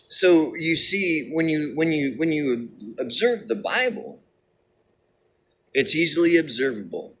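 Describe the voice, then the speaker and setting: A man's voice: medium pitch, a bit bright, a little hiss or hum. A man talking to camera in a casual monologue, insistent and repetitive, often restarting his sentences. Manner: repetitive, halting with restarts and fillers; insistent, emphatic. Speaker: video commentator.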